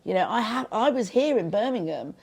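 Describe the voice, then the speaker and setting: A middle-aged woman who directs films talks earnestly in an interview, relaying stories through quoted voices. She speaks fairly quickly in a fairly high voice with lively intonation and a breathy edge.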